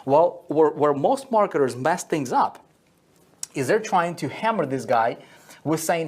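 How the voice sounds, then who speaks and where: A man's voice: fairly high pitch, animated, moderate pace. A man teaching an online marketing lesson at a whiteboard, repeating key phrases and checking in with "okay?" and "right?" after each point.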